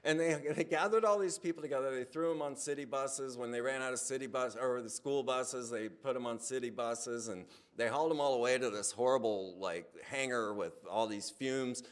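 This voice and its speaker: A man talking in a loose, conversational monologue at a mid-range pitch. He tells stories with energy, and his voice rises in pitch and volume when he gets excited. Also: normal speed, few pauses, clear, resonant tone. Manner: animated storytelling, voice rising when excited. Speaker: speaker on a hypnosis channel. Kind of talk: casual spoken monologue.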